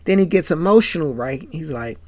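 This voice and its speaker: A man's voice: a little high, lively intonation, a little fast, darkish tone. A man hosting a podcast, casually retelling a sitcom episode and acting out every character. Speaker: podcast host.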